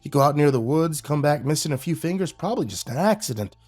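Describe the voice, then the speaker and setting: A man voicing an older rural man who tells grim local lore in a slow, folksy drawl. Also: fairly high pitch, lively intonation, darkish tone, husky, soft background music. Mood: ominous.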